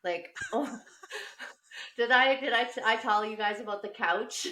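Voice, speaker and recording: A woman's voice: on the high side, takes it slowly, bright, forceful tone, a little hiss or hum. A woman who is a mother, chatting casually and telling a story with plenty of swearing and laughter. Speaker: podcast co-host and mother. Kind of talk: casual chat. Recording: roomy, a bit distant from the mic.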